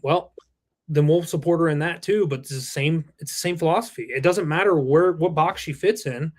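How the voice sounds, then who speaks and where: In a casual podcast interview, a roofing company president in his thirties reflects earnestly, sometimes swearing. He speaks at a moderate pace in a slightly high voice with a darkish tone.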